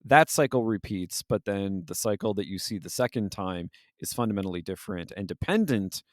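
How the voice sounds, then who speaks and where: A man's voice: on the low side, animated, brisk, no room sound, studio quality. A man co-hosting a podcast, chatting casually and agreeing often. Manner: conversational, frequent agreeing interjections. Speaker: podcast co-host. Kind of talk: casual discussion.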